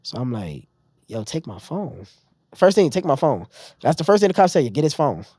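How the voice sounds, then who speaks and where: A man tells his story in a relaxed interview and acts out the voices of the people around him. The sound is close and dry. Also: fairly high pitch, normal speed, husky, no echo. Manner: animated retelling, acting out others' lines. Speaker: podcast guest. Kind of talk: casual storytelling.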